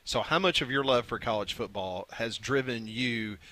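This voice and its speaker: Bright-voiced male radio host. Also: mid-range voice, moderate pace. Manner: asks long, winding questions. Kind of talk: radio interview.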